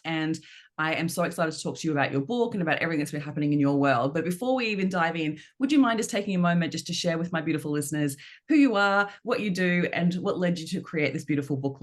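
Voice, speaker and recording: A woman hosting a podcast interview, effusive and enthusiastic in casual chat. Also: low voice. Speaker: podcast host.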